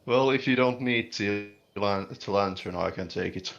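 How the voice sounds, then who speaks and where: A man's voice: fairly low pitch, moderate pace, creaky, fairly bright tone, lo-fi sound. A man playing in a tabletop game, laid-back and wry. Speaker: player. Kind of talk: tabletop role-play.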